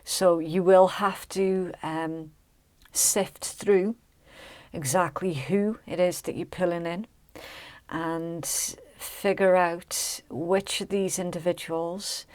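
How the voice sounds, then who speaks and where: A woman talks through a tarot reading in a slow, deliberate way. Her voice sits a little low and she keeps checking in with the listener. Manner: chatty, emphatic, checks in with "okay?" and "right?". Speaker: tarot reader. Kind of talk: casual tarot reading to camera.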